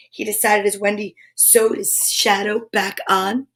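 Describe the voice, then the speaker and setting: A woman's voice: medium pitch, flat delivery, measured pace, creaky, hardly any pauses, fairly bright tone. A woman hosting a children's story time, reading a picture book aloud with enthusiastic, chatty asides. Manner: enthusiastic, chatty asides between read passages.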